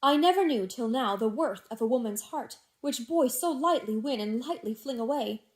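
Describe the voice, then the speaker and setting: Scheming older gentleman, silky and falsely tender, read by a woman, audiobook. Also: fairly high pitch, expressive, normal speed, natural voice. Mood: mock-indignant.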